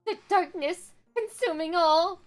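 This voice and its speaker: A woman's voice: very high-pitched, measured pace, pitched above the performer's own voice. A woman voicing a sheltered young dragon girl who is skittish yet proud. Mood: frightened. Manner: skittish, flustered.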